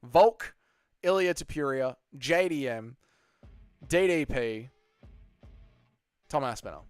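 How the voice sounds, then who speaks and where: An Australian man hosting a casual livestream, reading viewer comments aloud and answering them in a cheeky, animated way with casual swearing. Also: medium pitch, slow pace, clear, resonant tone, no room sound, studio quality, faint music behind. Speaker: livestream host.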